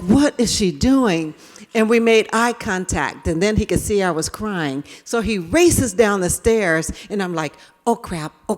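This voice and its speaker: A woman speaker giving a talk, telling a personal story with animated voices for herself and others. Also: medium pitch. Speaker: keynote speaker. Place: large hall. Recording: reverberant hall.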